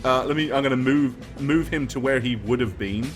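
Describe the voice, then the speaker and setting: A man's voice: mid-range voice, fairly quick, soft background music. A man running a tabletop game as game master, narrating rolls and actions with laughs.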